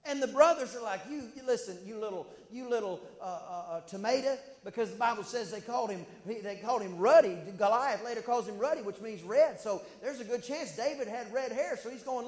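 High-pitched male pastor preaching in a big reverberant church and acting out the story's voices. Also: fairly quick, hardly any pauses. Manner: animated storytelling, voices quoted characters. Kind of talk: sermon. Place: church sanctuary. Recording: echoey church hall.

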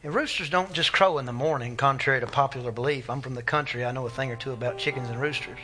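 A man's voice: medium pitch, fast, pushed and bright. A man, a pastor preaching an impassioned, conversational sermon. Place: church sanctuary.

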